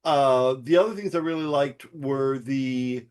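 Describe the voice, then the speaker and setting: A man's voice: mid-range voice, unhurried, a little mellow, smooth. A man co-hosting a podcast, talking about a movie in a hesitant, agreeable way with many restarts. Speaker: podcast co-host. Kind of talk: casual movie chat.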